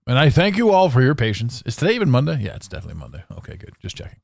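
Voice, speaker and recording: A man's voice: mid-range voice, wildly swooping pitch, very fast, gravelly, dry recording, studio quality. A tired man in his forties from Canada, ranting sarcastically in a rambling solo podcast monologue. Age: 40s. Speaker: podcast host.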